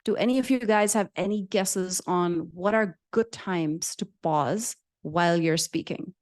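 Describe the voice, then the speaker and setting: Woman coaching public speaking, lively. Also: fairly low pitch. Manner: lively, demonstrates pauses and pace changes, reads out participants' answers. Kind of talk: interactive coaching session.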